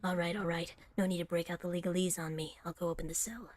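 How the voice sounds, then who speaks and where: A woman voicing a grumpy male mouse jailer who talks in a gruff, dismissive way. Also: lowish voice, fairly even intonation, quick pace, faint music behind, lightly acted.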